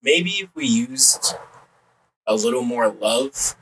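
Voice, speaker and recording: Podcast guy wrapping up, thoughtful and slangy, bright voice, mic a bit far. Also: medium pitch, sing-song, takes it slowly. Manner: reflective, slang-tinged closing remarks. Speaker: podcast co-host. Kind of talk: casual chat. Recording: distant mic, faint background noise.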